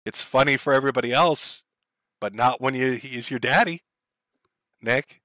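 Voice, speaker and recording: A man's voice: mid-range voice, moderate pace, sharp tone, no room sound. A man commenting on a clip for his stream chat, blunt and profane. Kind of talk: reaction commentary.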